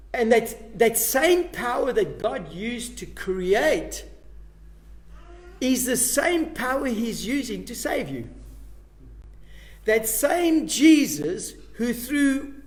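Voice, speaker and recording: High-voiced man teaching a Bible class. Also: very animated, slow, pauses often. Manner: emphatic, asks the class questions. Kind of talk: Bible lesson to a live class.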